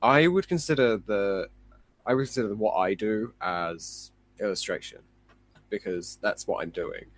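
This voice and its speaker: A man's voice: fairly low pitch, a little slow. A man appearing as a guest illustrator on a podcast, speaking casually with self-deprecating, rambling humour and jokey asides.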